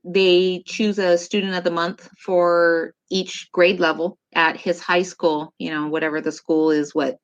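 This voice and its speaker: A woman in her forties, a mother talking as a guest in a casual interview, telling family stories in an animated way with laughs. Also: on the low side, measured pace, few pauses, lo-fi sound. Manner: warm, animated storytelling with laughs.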